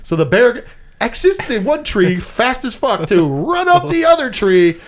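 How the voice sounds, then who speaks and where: A man co-hosting a podcast, casually recapping a movie in animated style, swearing freely and acting out the characters' lines. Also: very high voice, unhurried. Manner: animated, swears often, acts out quotes.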